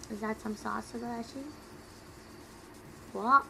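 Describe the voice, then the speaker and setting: A tipsy young woman streamer chatting casually with viewers, talking quietly and rambling with giggles close to her mic. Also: mid-range voice, steady tone, a little slow, a little hiss or hum, poor audio. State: tipsy from drinking. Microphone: close desk mic.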